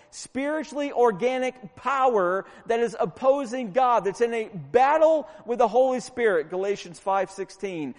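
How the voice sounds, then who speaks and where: A middle-aged man preaching a fervent, emphatic sermon as pastor, hammering points home with repetition. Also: high-pitched. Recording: long reverb from a large room.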